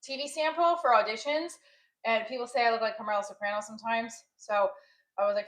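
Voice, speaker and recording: A woman's voice: on the high side, fairly even intonation, fast talker, poor audio. A woman, a comedian and actress, chatting on a live stream, thanking viewers and rambling about her shows.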